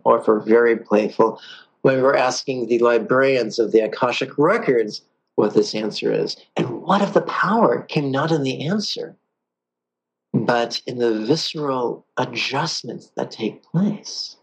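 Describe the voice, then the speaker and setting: A man teaching a guided meditation lesson, calm and playful, with drawn-out pauses. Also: mid-range voice, breathy edge, low-quality recording.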